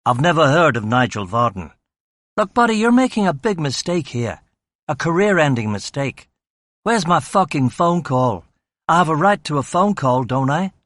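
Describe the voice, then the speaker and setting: A man's voice: fairly high pitch, big pitch swings, normal speed, fairly bright tone, no room sound, studio quality. A man voicing a brash, mocking American man held for questioning in an audiobook. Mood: defiant. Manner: defiant, mocking. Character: brash cocky American agent detainee, man.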